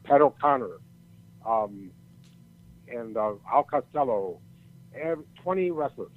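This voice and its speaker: An older storyteller guest talks slowly but animatedly at a medium pitch, rambling through a long story in casual chat. He curses freely and frequently restarts his sentences. The recording sounds tinny, like a phone.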